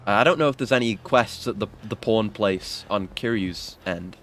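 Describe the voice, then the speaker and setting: A man's voice: lowish voice, moderate pace, fairly bright tone. A man giving casual, rambling, self-mocking commentary while playing a video game. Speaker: game streamer.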